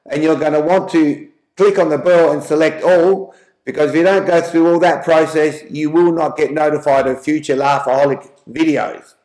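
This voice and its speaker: A man's voice: a little high, steady tone, moderate pace, a little mellow. A man with an Australian accent hosting a joke channel, telling jokes in an easygoing, chatty way. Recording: roomy echo.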